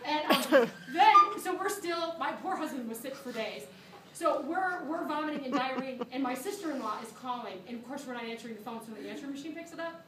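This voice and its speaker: A woman microbiology teacher telling a funny story to her class, animated and laughing as she acts out what people said. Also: high voice, brisk, a crowd in the background. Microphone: phone camera from a student's seat. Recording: echoey classroom filmed from far off.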